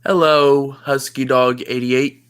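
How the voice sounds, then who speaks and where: A woman voicing a weary plush-toy narrator who speaks in a dry, unimpressed, deadpan way in a comic live-stream skit. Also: extremely low pitch, slow, clean tone, voice pushed down.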